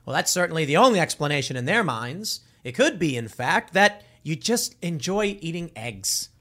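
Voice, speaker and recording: A man's voice: fairly high pitch, very animated, normal speed, fairly bright tone. A man talking casually and jokingly, giving his opinions and acting out quoted voices.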